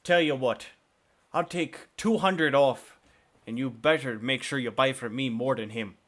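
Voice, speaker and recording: A man voicing a teasing, gruff male shopkeeper who haggles with customers. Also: mid-range voice, fairly even intonation, a little fast, sharp tone, lightly acted. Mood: haggling.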